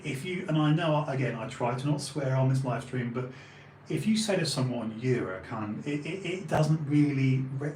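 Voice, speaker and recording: A man in his forties with an Essex and London accent, hosting and telling a long anecdote in casual chat, animated, swearing freely and acting out the people in his story. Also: fairly high pitch, echoey room, a little hiss or hum, rough recording. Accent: Essex and London English. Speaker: podcast host.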